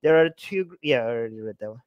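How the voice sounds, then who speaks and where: A man's voice: mid-range voice, expressive, rapid-fire, darkish tone, clean tone, dull audio. A man hosting a livestream, mocking and exasperated as he reacts to the live chat. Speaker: livestream host. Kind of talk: livestream commentary.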